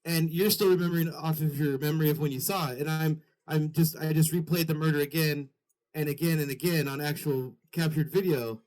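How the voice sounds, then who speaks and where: Higher-voiced man, defensive podcast banter. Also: fairly even intonation, brisk, a little mellow, low-quality recording. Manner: defensive, hesitant, stumbles over words. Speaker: podcast co-host.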